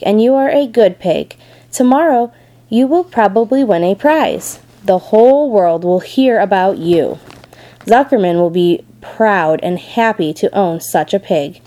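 A gentle, wise spider from a storybook, voiced by a woman reading aloud. She speaks low and soothing, with a warm, mellow tone. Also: close to an everyday voice, low-quality recording. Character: wise, gentle female spider, calm and kind.

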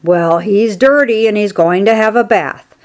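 A woman voicing a brisk, insistent farm wife in a storybook reading. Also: mid-range voice, close to an everyday voice.

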